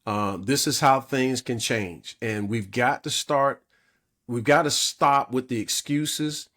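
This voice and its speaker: A man's voice: medium pitch, slow pace, fairly bright tone. A man co-hosting a community talk show, speaking in an earnest, persuasive way and often checking in with "all right?". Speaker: co-host. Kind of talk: talk radio discussion.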